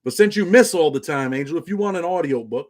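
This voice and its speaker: A middle-aged man with a higher, expressive voice talks fast while hosting a casual livestream. His loose chatter is full of "man," and he reads the chat out loud.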